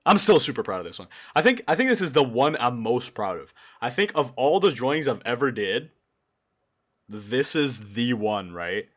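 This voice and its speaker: Excitable young man streaming, lively pitch. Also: moderate pace. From Brazil. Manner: excitable, swings between loud outbursts and low mumbling. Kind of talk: casual livestream chat.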